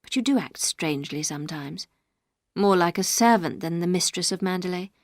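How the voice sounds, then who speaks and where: A woman voicing a gruff, brooding older aristocratic husband, speaking low, curt and measured. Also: expressive, dry recording, studio quality. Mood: weary.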